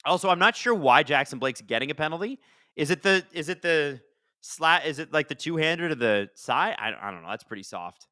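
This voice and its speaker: A man hosting a live watch-along of a hockey game, chatting casually and reacting excitedly to the plays. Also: a little high, fairly quick, dry recording, clean studio sound. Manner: chatty, excitable, swears casually, talks to chat. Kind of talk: casual live-stream commentary.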